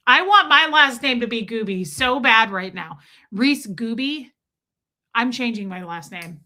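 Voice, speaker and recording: A chatty woman hosts a casual livestream, greeting viewers by name in a bright, sharp-toned voice that sits a little high. Her talk is playful and rambling, full of quick asides to the people watching. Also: animated. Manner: chatty, playful, reads viewer names aloud. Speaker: livestream host. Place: countryside home.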